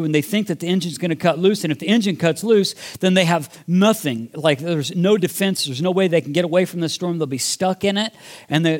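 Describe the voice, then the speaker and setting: A male pastor giving a sermon, telling a story conversationally and then posing earnest questions. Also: high-pitched.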